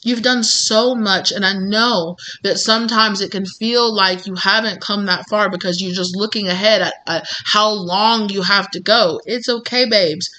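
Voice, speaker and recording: A woman's voice: medium pitch, fairly even intonation, measured pace, few pauses, pushed and bright. A woman giving a casual, encouraging tarot reading straight to her viewers, full of reassurance and little fillers. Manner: encouraging, calls listener babes, many fillers. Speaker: tarot reader.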